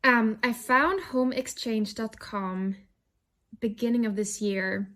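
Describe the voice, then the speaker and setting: A young woman with a slightly high voice rambles casually to her camera. She is self-deprecating and full of fillers and restarts. She is talking indoors in an apartment. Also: slow pace, fairly bright tone. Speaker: vlogger. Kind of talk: casual vlog chat.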